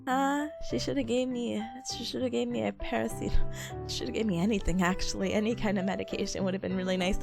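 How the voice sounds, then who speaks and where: A young woman chatting casually on a stream, sick with a nasal, hoarse voice, giggly and rambling. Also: medium pitch, fairly even intonation, quick pace, over music.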